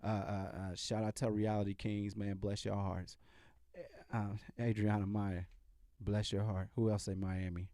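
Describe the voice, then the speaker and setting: A man's voice: lowish voice, level tone, unhurried, dark tone, dry recording, clean studio sound. A man hosting a podcast, talking in a casual, sarcastic commentary style and often restarting his sentences. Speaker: podcast host.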